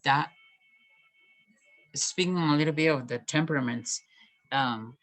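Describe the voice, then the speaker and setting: Halting, soft-spoken man reflecting. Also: a little high, poor audio. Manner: halting, many restarts and pauses. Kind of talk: personal reflective monologue.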